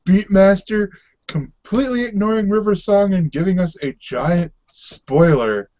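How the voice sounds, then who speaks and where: Hesitant man with a slightly high voice. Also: measured pace, dark tone. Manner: hesitant, many ums, easygoing, laughs often. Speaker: podcast co-host. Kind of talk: casual chat about TV. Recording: dull lo-fi sound.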